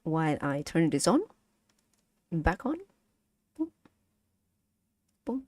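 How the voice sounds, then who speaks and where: A woman's voice: low-pitched, very animated, slow, darkish tone, no echo, studio quality. Giggly Vietnamese-accented woman teaching tones. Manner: playful, giggly, drills tones aloud. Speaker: vtuber language streamer. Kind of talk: casual language lesson to stream chat.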